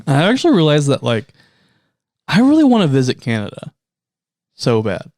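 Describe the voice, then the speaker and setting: An American man co-hosting a podcast in casual chat, laughing often and telling animated stories. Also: on the high side, moderate pace, dry recording, clean studio sound. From United States. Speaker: podcast co-host.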